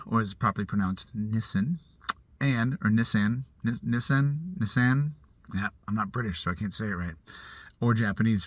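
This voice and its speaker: A man's voice: lowish voice, a bit bright. A middle-aged man giving a chatty, rambling movie review, correcting himself as he goes. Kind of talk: casual movie review vlog. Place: outside a movie theater.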